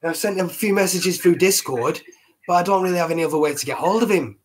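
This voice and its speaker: A British man with a husky, chesty voice hosting a live online show in a rambling, casual way, often restarting his words. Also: sits high, fast, poor audio. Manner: rambling, repeats and restarts words, laughs at himself. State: chesty, a bit hoarse. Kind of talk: casual live-stream talk.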